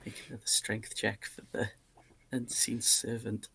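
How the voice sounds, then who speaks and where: A man's voice: on the low side, measured pace, slightly rough. Laid-back male game master. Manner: relaxed, rambling narration with fillers. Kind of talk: narrating a tabletop game.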